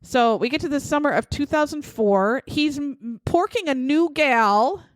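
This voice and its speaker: A woman's voice: high-pitched, lively intonation, measured pace, no echo. A woman co-hosting a podcast, casually retelling a true-crime story with swearing and quoted voices. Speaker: podcast co-host.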